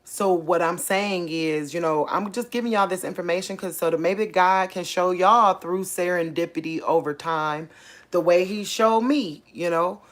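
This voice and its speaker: A woman, hosting a casual faith channel, talking excitedly and thinking aloud, repeating herself as she works things out. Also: lowish voice, normal speed. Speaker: online faith channel host. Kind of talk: casual livestream talk.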